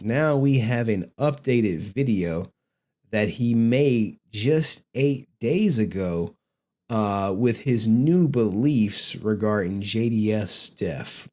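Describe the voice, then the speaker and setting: A man hosting a live stream, chatting casually in an animated, rambling way and laughing often. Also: on the low side. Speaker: streamer, host.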